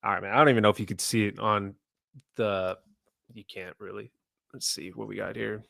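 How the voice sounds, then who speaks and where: A young man with a low but bright, forceful voice chats on a podcast. He rambles a little self-consciously, jumping between loud bursts and mumbles. The mic is close and dry. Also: fairly even intonation, fairly quick, creaky, dry recording. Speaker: podcast co-host. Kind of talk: casual chat.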